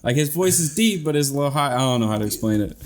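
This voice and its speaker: A man's voice: on the high side, animated, rapid-fire, slight background noise. A man co-hosting a podcast, talking in a laid-back, slangy way with many restarts. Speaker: podcast co-host. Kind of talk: casual chat.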